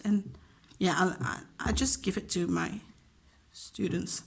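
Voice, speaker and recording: A woman's voice: lowish voice, steady tone, measured pace, vocal fry, darkish tone, breathy edge. A woman, a teacher chatting casually and openly about her job, with many fillers and acted-out quotes. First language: Dutch. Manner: chatty, emotional, acts out quoted dialogue. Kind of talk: casual chat.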